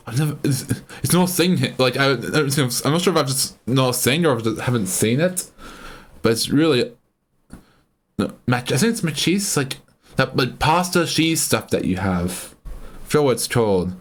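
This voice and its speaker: A man's voice: medium pitch, lively intonation, moderate pace. An Australian man chatting casually on a live stream, rambling and often cutting himself off mid-sentence. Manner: rambling, self-interrupting, chatty.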